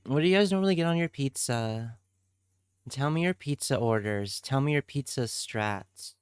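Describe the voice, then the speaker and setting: A man's voice: mid-range voice, lively intonation, normal speed, clear, resonant tone, no room sound, studio quality. A man streaming live, chatting casually with his viewers, swearing freely and answering their messages.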